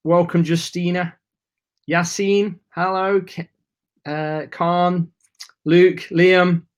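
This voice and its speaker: A man's voice: high voice, level tone, drawn-out words, dull audio. A man hosting a live webinar, chatting casually and greeting viewers by name, a bit nervous. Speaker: webinar host.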